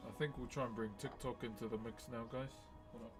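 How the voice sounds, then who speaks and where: A man's voice: medium pitch, steady tone, fast, music in the background. A young man chatting casually on a live stream, laid-back and slangy, laughing often.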